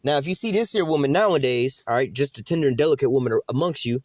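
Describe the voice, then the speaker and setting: A man's voice: mid-range voice, animated, quick pace, no room sound. A man preaching informally from the Bible, slangy and profane, rambling and repeating "man" and "you know what I'm saying". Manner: acts out quoted relatives in heated voices. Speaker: street preacher.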